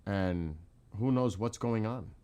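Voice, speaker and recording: Low-voiced excitable man. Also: slow pace. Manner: excitable, exclaims often. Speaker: host. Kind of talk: casual live-stream chat.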